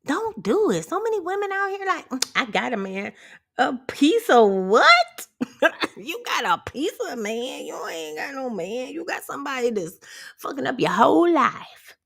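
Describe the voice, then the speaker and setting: Gravelly, lively woman ranting bluntly. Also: sits high, unhurried. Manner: blunt and profane, laughs often; sassy, talks straight to viewers. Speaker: empowerment vlogger. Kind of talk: casual motivational rant.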